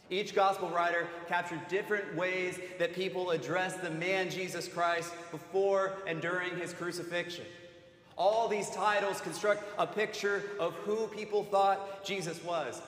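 A man leading a slow, solemn Good Friday sermon as a student ministry director, with dramatic pauses. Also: high voice, fairly bright tone. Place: cathedral. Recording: echoey church hall.

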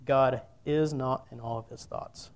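An earnest male preacher, midway in pitch, reads old scripture with weight before turning to speak straight to his listeners. His delivery rises and falls in loudness as he presses his points. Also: steady tone, a little slow. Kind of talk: sermon with scripture reading.

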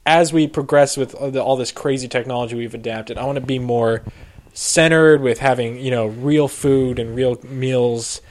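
A man's voice: mid-range voice, steady tone, moderate pace, a little mellow. A man who is a stand-up comedian, a guest on a podcast, riffing on absurd bits in casual banter and laughing often.

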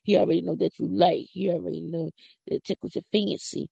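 A middle-aged woman from Philadelphia with a Philadelphia accent, hosting a casual, preachy podcast monologue with excited whoops. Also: fairly low pitch, quick pace, gravelly, slightly rough, no room sound. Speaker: podcast host. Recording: dull lo-fi audio.

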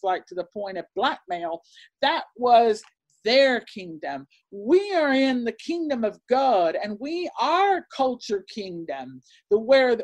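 A woman teaching a Bible lesson in an earnest, excitable sermon style, with many fillers and restarts. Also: a little high. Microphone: presentation with on-screen slides.

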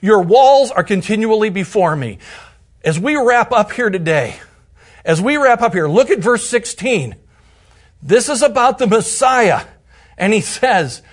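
High-voiced man teaching the Bible. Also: expressive, unhurried. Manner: conversational, drops to a soft hush for emphasis.

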